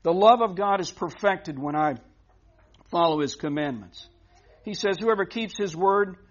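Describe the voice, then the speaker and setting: Earnest preaching man, lo-fi sound. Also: sits high. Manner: earnest, emphatic preaching with frequent restarts. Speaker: pastor. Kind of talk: sermon. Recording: dull lo-fi recording.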